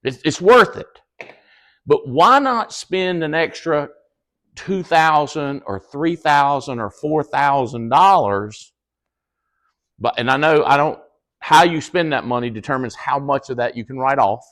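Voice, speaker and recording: A man giving a casual motivational talk to his team, folksy and blunt, swearing and laughing often as he tells stories. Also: a little slow. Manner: animated storyteller, acts out quoted dialogue in high excited voices. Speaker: business leader speaking to his team. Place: cabin event room with a live audience.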